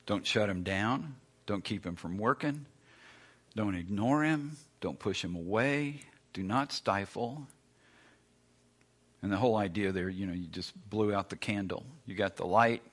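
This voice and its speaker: A man's voice: lowish voice, unhurried, a bit bright. A man preaching a sermon with emphatic, repeated lines. He acts out the complaints of doubting listeners along the way. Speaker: pastor.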